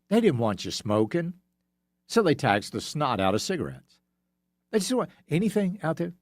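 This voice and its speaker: A sarcastic talk radio host, a man with a somewhat high, very animated voice who mocks and spells words out slowly. His studio microphone sounds dry and close. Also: no echo. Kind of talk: opinionated talk radio monologue.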